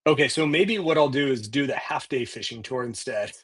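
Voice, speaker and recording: A man co-hosting a casual podcast, playful and quick to laugh. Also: medium pitch, slightly rough. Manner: laughing, playful, short reactions. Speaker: podcast co-host.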